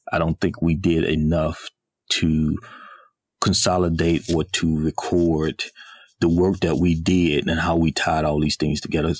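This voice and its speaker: A man with a Southern accent talks earnestly as a guest detective, often circling back and restarting his sentences. His voice sits low, and the sound is dry and close with no room echo. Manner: earnest, rambling, full of restarts. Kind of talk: casual conversation.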